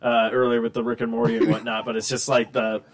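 A man's voice: medium pitch, completely flat delivery, fast talker. A young man in casual chat among friends, swearing freely and quoting movie lines in raised voices. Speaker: friend chatting.

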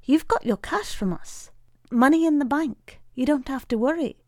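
A woman's voice: high voice, normal speed, no echo, clean studio sound, voice pushed up, close to an everyday voice. A woman doing a shrewd older woman anarchist. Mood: needling.

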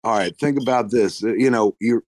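A man's voice: mid-range voice, moderate pace, darkish tone, no echo. A man chatting casually as a guest on a live online audio room, effusive and profane, talking in bursts with restarts. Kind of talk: casual chat.

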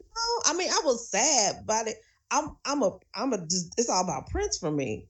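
A woman in casual conversation, telling stories in a lively way and acting out the voices of the people she quotes. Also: on the high side, normal speed. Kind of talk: casual chat.

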